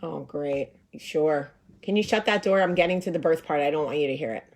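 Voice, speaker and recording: A woman in her forties, the host, telling a story in a lively, sarcastic way and acting out the voices of the people in it. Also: sits low, brisk. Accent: New Jersey. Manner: animated, sarcastic, acts out voices. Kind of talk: casual storytelling.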